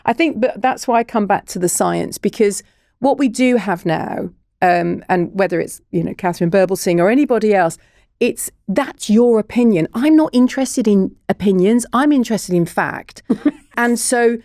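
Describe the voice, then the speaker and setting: A woman's voice: mid-range voice, moderate pace, a little mellow, dry recording, studio quality. Earnest woman explaining parenting science. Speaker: guest, child therapist and broadcaster. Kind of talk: podcast interview, explaining.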